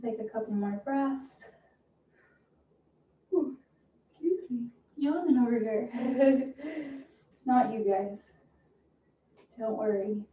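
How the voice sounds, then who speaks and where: A woman fitness instructor calmly cueing a stretching class with encouraging guidance. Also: fairly high pitch, slow, long pauses. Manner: calm, encouraging cueing with soft breathy asides. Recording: roomy, distant, dull sound with faint hiss.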